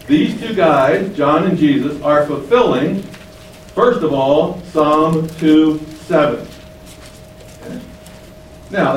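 Man preaching from afar, echoey hall. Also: slight background noise. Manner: swings between emphatic rises and quiet low asides. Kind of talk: Bible teaching sermon. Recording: echoey room, voice from a distance.

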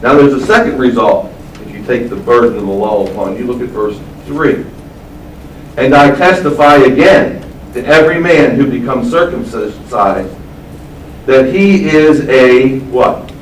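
A man preaching a sermon. He stresses key words by slowing down and asks the audience questions. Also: mid-range voice, a little hiss or hum. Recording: echoey room, mic at a distance.

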